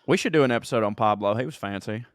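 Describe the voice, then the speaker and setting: A man co-hosting a comedy podcast, reading listener emails aloud with animated storytelling and frequent laughter. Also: fairly low pitch, very fast, no room sound, studio quality. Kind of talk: casual comedic podcast banter.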